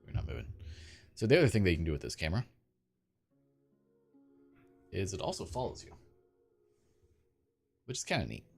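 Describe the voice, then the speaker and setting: Guy streaming a game, rambly and chatty, lowish voice, some game music under. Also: wildly swooping pitch, fairly quick, creaky, pauses often, a little mellow, slightly rough. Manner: rambling, chatty, self-deprecating. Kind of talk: casual gaming stream chat.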